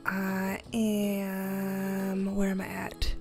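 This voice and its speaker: A young woman hosting a casual livestream, reading viewer comments aloud, giggling often, swearing freely and greeting people with excited bursts. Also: mid-range voice, drawn-out words, soft background music. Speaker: livestream host, tarot reader.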